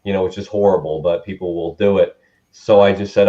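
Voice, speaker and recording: A man telling a story as an interview guest, animated and acting out what people said, with laughs. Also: sits low, brisk. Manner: animated, acts out quotes with laughs. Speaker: guest musician. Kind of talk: casual storytelling. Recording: dull lo-fi sound.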